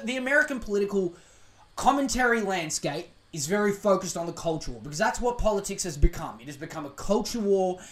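A man's voice: sits high, fairly bright tone. A man with an Australian accent hosting a podcast, delivering a profane, sarcastic, rambling monologue. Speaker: podcast host. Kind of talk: casual ranting monologue. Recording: echoey room.

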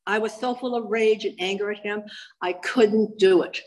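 An older woman giving a personal recovery testimony as a meeting speaker, telling her story with animated emphasis and repeated phrases. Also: mid-range voice, normal speed, low-quality recording.

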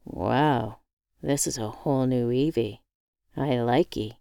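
A man's voice: mid-range voice, takes it slowly, gravelly, clean tone, dry recording, clean studio sound, pitched below the performer's own voice. A woman reading the part of a male friend who teases and encourages over the phone. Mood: teasing. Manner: warm teasing, encouraging.

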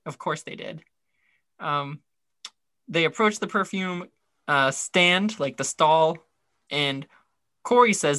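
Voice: medium pitch, slow pace, pauses often, sharp tone, no room sound. A podcast co-host chatting casually about a TV episode, rambling with lots of fillers and wry asides.

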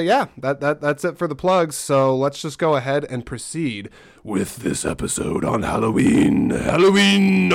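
A man's voice: medium pitch, clear, resonant tone. A man hosting his own solo podcast, talking in a loose, rambling, self-deprecating way with frequent restarts. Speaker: podcast host.

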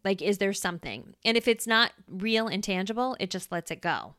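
A woman hosts a casual solo podcast with a smooth, clear voice. She explains ideas in a relaxed, chatty way and keeps checking in with the listener. The sound is close and dry. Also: medium pitch, dry recording. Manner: chatty, checks in with "right?", acts out quick voices. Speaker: podcast host.

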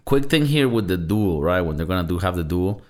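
A man's voice: sits low, animated, brisk, a little mellow. A man co-hosting a casual movie review podcast, talking loosely, joking and swearing. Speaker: podcast co-host.

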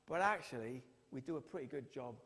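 A man's voice: medium pitch, fairly quick, vocal fry. A man preaching a sermon, telling the story with acted-out quotes. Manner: storytelling, acts out quotes with lively voices. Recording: long hall reverb.

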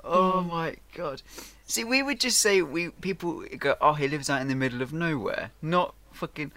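A man in casual chat, animated and given to hard laughter, often restarting his sentences. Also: a little high, normal speed.

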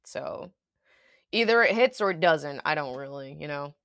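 A young woman chatting on a podcast, rambling through her thoughts with constant "like" and easy laughter. Her voice sits fairly low for a woman. The sound is dry and close, with no room around it. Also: expressive, moderate pace, a bit bright, no echo. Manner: rambling, lots of "like", laughs often. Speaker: podcast co-host. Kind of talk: casual chat.

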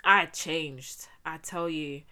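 A woman's voice: sits low, takes it slowly, pushed and bright. A young woman from Spain telling her life story to viewers in a chatty, slangy, casual way. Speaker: vlogger.

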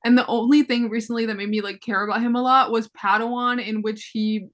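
A young woman chatting casually and dramatically with friends, gushing with quick asides. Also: on the high side, fairly even intonation, fairly bright tone. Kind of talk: casual fan chat.

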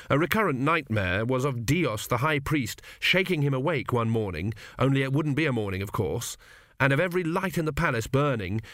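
Measured male audiobook narrator, dry studio sound. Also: medium pitch, a bit bright, no echo.

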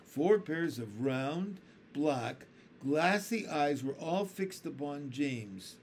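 Casting: male storybook reader, slow and very expressive, slightly high. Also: a little hiss or hum. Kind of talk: reading a children's book aloud.

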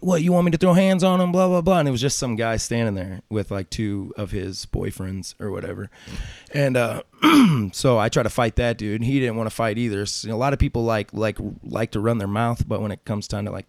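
A man's voice: on the low side, dry recording, studio quality. A man talking as a tattoo artist guest in an interview, telling stories casually, swearing freely and acting out what other people said. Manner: profane, acts out quoted voices.

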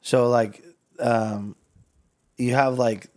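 A man's voice: medium pitch, drawn-out words. A man, a barber hosting a podcast, telling a story in casual chat and acting out the voices in it. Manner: animated, acts out the voices in his story.

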